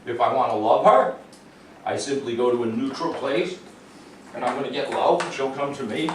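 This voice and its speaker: A man working as a dog trainer, explaining calmly to the owners and giving a dog short, upbeat praise during a demonstration. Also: mid-range voice, moderate pace. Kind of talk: instructional demonstration. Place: indoors in a home. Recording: roomy, distant sound with faint noise.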